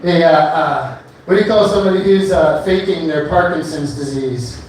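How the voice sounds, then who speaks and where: A man's voice: fairly high pitch, moderate pace, darkish tone, slight background noise. A man performing a stand-up comedy set on a bar stage, rambling loosely with many fillers between one-liners. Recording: echoey club room from far off.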